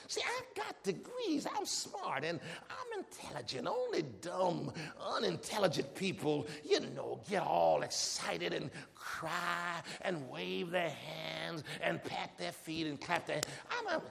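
A man's voice: a little high, unhurried, gravelly, few pauses, big-room sound, voice pushed up, exaggerated voice. A man voicing a smug, self-satisfied educated churchgoer who looks down on emotion, in a prim and dismissive tone. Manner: prim, dismissive, even-toned.

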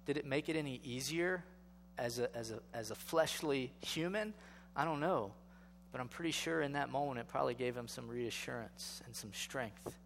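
A man's voice: medium pitch, moderate pace, creaky, long reverb tail, a little hiss or hum. A male pastor giving a sermon in a conversational style, asking rhetorical questions and building to emphatic exhortation.

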